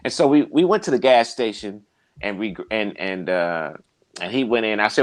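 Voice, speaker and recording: A man with a lively, swooping voice talks in a casual chat, preaching and telling anecdotes. He acts out the voices of the people he quotes in them. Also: fairly low pitch, moderate pace. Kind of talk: casual conversation, storytelling.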